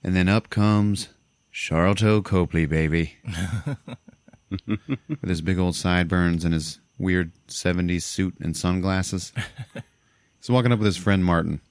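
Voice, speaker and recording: Deep-voiced man recapping a movie. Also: measured pace, pauses often, no room sound. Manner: animated storyteller, swears, laughs often. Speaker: podcast host. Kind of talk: casual movie recap chat.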